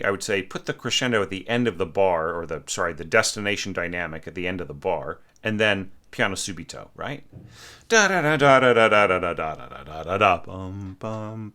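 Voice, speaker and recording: A man's voice: low voice, pushed and bright. A man teaching orchestration, talking through a student's score and singing the phrases aloud on "da" syllables, often checking in with "right?". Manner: frequent rhetorical "right?" checks. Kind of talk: spoken critique of a score.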